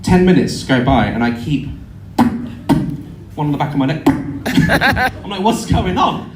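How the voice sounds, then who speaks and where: A man telling a comic story to a live audience, animated and sweary, acting out voices and screams. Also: fairly high pitch, measured pace, noisy background. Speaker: live show performer. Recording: echoey venue, heard from afar. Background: audience laughter.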